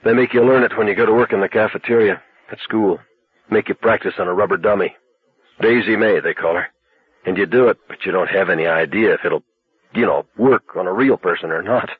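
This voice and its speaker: A man's voice: fairly low pitch, brisk, breathy edge. A man voicing a shaken young male hitchhiker who talks in a casual, blunt way. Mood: shaky. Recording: tinny narrow-band recording.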